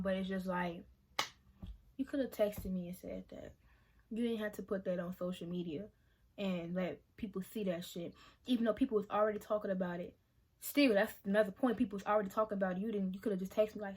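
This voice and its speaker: A woman's voice: mid-range voice, brisk, husky. Young woman venting frankly to camera. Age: about 20. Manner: emotional, venting, frank with swearing. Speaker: vlogger. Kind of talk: casual confessional vlog.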